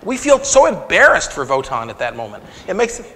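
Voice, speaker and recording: A man giving a conversational lecture to an audience, animated and retelling scenes with quoted dialogue. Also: a little high, fairly quick. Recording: long reverb of a lecture hall.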